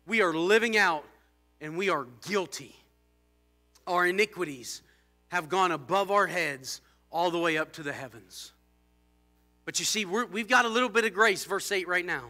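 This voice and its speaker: High bright-voiced preacher man. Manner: fervent preaching, swings from low intensity to shouting. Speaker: pastor. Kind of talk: sermon. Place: church.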